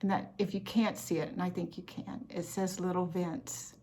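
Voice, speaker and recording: A woman's voice: lowish voice, level tone, moderate pace, dark tone. A woman hosting a cross-stitch vlog, chatting in an effusive, heartfelt way about gifts she received. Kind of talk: casual chat showing happy mail.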